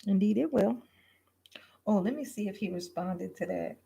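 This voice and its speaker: Woman host, casual live stream rant, blunt and profane, halting with fillers. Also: medium pitch, vocal fry, breathy edge. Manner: blunt, profane, animated, lots of fillers and restarts. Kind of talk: casual livestream advice rant.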